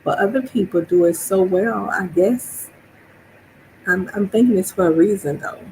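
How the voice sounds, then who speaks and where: Chatty woman from New Orleans, mellow voice. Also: mid-range voice, moderate pace, slight background noise, rough recording. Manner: chatty, laughs often, acts out quoted reactions. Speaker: streamer. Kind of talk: casual monologue stream.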